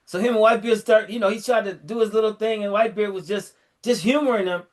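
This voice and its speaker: High-pitched middle-aged man, casual chat, retells scenes all excited, lots of like and you know. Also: fast talker. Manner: animated storyteller, fillers and restarts, acts out quotes in a lower voice.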